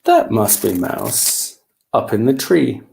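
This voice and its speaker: A man's voice: medium pitch, huge pitch swings, takes it slowly, creaky, darkish tone, full character voice. A man voicing a brave, polite little male kitten in a children's storybook reading, eager and bold.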